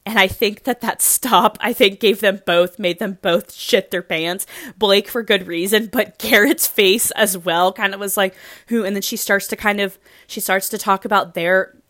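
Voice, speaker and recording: A woman's voice: a little slow, no echo. Young woman gushing about a show, lots of likes and ums, dry close sound. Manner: gushing and emotional, many fillers, squeals into high pitch when excited. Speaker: podcast host recapping a reality show. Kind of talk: casual chat.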